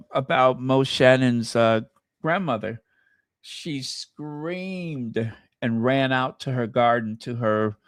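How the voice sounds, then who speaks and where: A man's voice: mid-range voice, no room sound, clean studio sound. A man from the United States hosting his channel, giving sassy, mocking casual commentary. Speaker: channel host.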